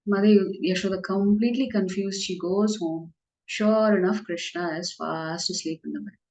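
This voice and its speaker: A woman telling devotional stories in a lively, animated way as the speaker of a spiritual class. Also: medium pitch, moderate pace, low-quality recording. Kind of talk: devotional storytelling.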